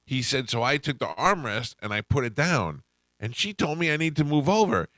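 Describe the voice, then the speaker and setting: A radio host telling a story in casual chat, acting out the people in it. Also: male voice, medium pitch, normal speed, no echo, studio quality. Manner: animated, acts out quoted voices.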